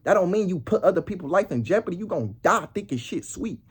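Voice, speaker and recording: Young male vlogger, husky voice, heated slang-heavy rant. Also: high voice, animated, fast. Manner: heated street slang, repeats "bro" and "nigga". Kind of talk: casual storytelling rant.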